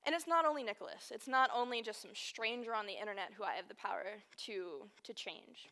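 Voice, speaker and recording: A woman's voice: mid-range voice, fairly quick, sharp tone. A woman in her early twenties from Texas, a student giving an earnest personal storytelling speech with emphatic, repeated phrases. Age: early 20s. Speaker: student speaker.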